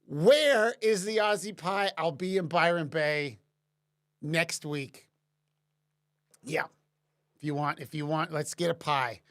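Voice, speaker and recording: A man's voice: fairly high pitch, slow pace, pauses often, a bit bright. A man casually answering chat questions on a live stream, rambling with many restarts and fillers. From Canada.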